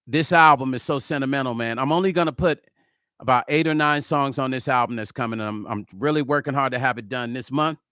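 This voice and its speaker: A middle-aged man, a musician and producer, chatting casually in a vlog while he builds a track, excitable and slangy, forever saying hold on. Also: mid-range voice, quick pace, clean tone, dry recording, studio quality. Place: music studio.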